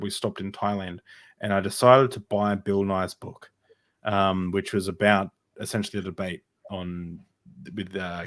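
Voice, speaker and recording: A man talking as a podcast guest, telling his personal story in a casual, rambling way with many fillers and restarts. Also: lowish voice.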